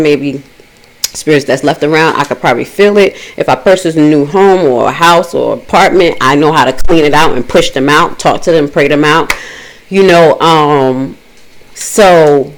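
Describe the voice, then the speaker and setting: A woman of Haitian family telling a personal ghost story in casual, profane talk, acting out the dialogue in a raised voice. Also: poor audio. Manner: animated, profane, acts out dialogue in a higher voice.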